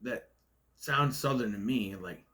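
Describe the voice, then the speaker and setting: A man's voice: medium pitch, unhurried, fairly bright tone. Man reviewing a film, with a stutter. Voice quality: stutters, stalls on words. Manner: ranting, nitpicky. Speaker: movie reviewer. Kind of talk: casual spoken film review.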